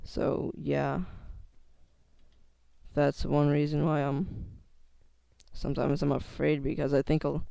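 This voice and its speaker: A man's voice: on the high side, monotone, slow, gravelly, pauses often, dark tone, dry recording. A teenage boy talking hesitantly in a casual vlog, full of fillers and restarts, his voice cracking now and then. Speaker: YouTuber.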